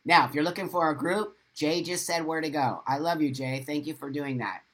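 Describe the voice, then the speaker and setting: A man's voice: on the high side, a little fast, fairly bright tone. A middle-aged man talks straight into his webcam on a live stream, answering viewers by name. His delivery is emphatic and repetitive, hammering points home with blunt, sometimes profane encouragement. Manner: blunt, swears. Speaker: livestream host. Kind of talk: live stream talk, reading viewer comments.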